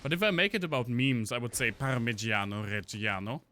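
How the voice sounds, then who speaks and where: A man's voice: medium pitch, expressive, quick pace, pushed and bright, a little hiss or hum. A man casually commenting on a game stream, joking and chatting with his viewers while he plays. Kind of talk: casual gameplay commentary to chat.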